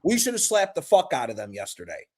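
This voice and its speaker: A man's voice: on the high side, huge pitch swings, fast. Fired-up American man ranting. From United States. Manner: passionate, profane, emphatic. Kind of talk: heated call-in rant.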